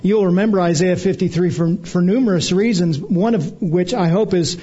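A man preaching an expository sermon, measured and emphatic, repeating phrases and slowing on key words. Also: high-pitched, dark tone, breathy edge, lo-fi sound. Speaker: pastor.

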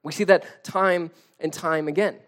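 A man's voice: fairly high pitch, steady tone, unhurried, fairly bright tone. A man in his thirties preaching a conversational sermon as a pastor, telling stories with casual, self-deprecating humor.

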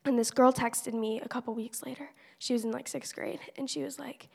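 Teen girl, slightly high voice with gravelly fry, earnest testimony, long reverb of a church hall. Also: steady tone, a little fast. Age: teenager. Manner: earnest, conversational, many "like" fillers. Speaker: church member giving a testimony. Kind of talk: personal faith testimony.

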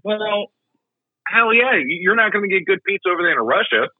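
A man's voice: high-pitched, expressive, a little fast, breathy edge, dry recording. A man co-hosting a podcast, trading crude jokes in casual banter. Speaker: podcast co-host. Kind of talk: casual joking chat. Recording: dry thin phone-like line.

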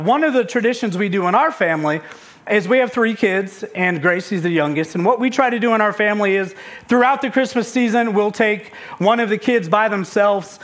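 A man in his thirties gives a sermon from the pulpit. His voice sits high for a man. He tells a story about his family, acts out the dialogue, and often repeats words as he gets caught up in it. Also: fairly bright tone. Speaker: pastor.

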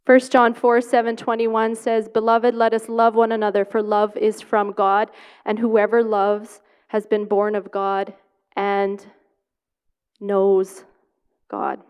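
A woman's voice: mid-range voice, monotone, slow pace, darkish tone, clean tone. A woman preaching a sermon, reading scripture and telling a personal story, stressing words by repeating them. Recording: long hall reverb.

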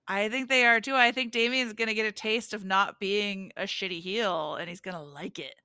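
Bright, playful woman co-host for a casual podcast chat, dry close sound. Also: medium pitch, steady tone, smooth, no room sound. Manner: playful, jokey, quick to laugh.

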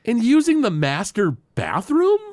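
A man's voice: measured pace, no room sound. Guy on a podcast recapping a cartoon, voice jumping all over for the quotes, dry close sound. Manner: animated, lots of "like" and "you know", jumps pitch for quoted lines. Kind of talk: casual chat, retelling scenes with quick impressions.

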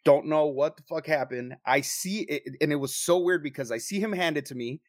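A young man telling a story to friends in a casual, profane, animated way, acting out what people said. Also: a little high, brisk, hardly any pauses, no echo, clean studio sound. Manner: profane, animated storyteller who acts out quotes. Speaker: paranormal investigator telling a story.

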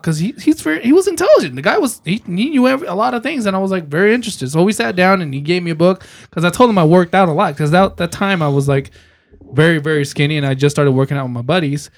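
Animated high-voiced man telling stories. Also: fast. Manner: laughs often, animated storyteller. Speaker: podcast co-host. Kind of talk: casual chat.

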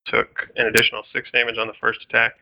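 A man's voice: mid-range voice, completely flat delivery, fast talker, creaky. A man playing a fighter in a tabletop game, easygoing and upbeat. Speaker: player, an axe fighter. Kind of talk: casual tabletop play. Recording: dull lo-fi mic.

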